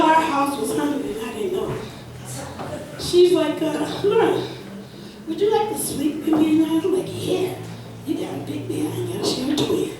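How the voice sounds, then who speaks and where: A woman doing stand-up at an open mic, telling stories loosely with spooky sound effects and her own laughter. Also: high-pitched. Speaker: stand-up comic. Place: comedy club stage. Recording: echoey club recording from far off. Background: audience laughter.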